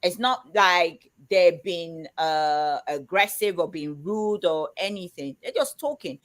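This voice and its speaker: Fifties lady, loud n emphatic like she's shouting, casual chat. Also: on the low side, animated, slow pace. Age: 50s. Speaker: co-host of a live chat show.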